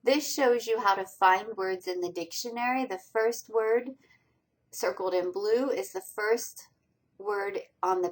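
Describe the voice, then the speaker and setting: A woman teaching a college reading class, talking through slides step by step and asking students questions as she goes. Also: medium pitch. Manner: patient, step-by-step explaining with quiz questions to students. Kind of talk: recorded slideshow lecture.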